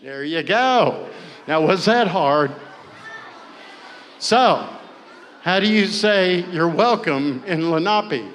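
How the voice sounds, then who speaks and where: Slow-talking man coaxing kids in a hall. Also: high-pitched, expressive, fairly bright tone, a little hiss or hum. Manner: coaxing, playful, repeats instructions. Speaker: language teacher at a powwow. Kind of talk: call-and-response teaching to children. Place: large indoor hall. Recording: long hall reverb, faint ambience.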